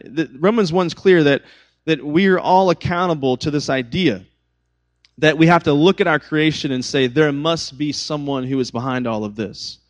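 Conversational male pastor, fairly high voice. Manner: conversational, animated storytelling with asides. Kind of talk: sermon.

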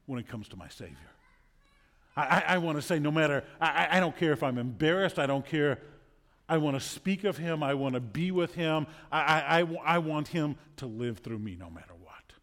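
A man's voice: medium pitch, fairly bright tone. A man preaching a sermon as pastor, telling stories earnestly and repeating words when he presses a point. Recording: long hall reverb.

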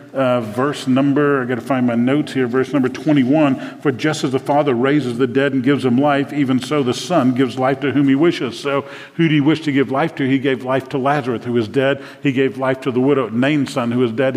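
A man preaching a sermon as pastor, chatty and loose at times, then building to emphatic declarations. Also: mid-range voice. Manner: conversational, shifts to emphatic declarations. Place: church sanctuary. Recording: long reverb of a church hall.

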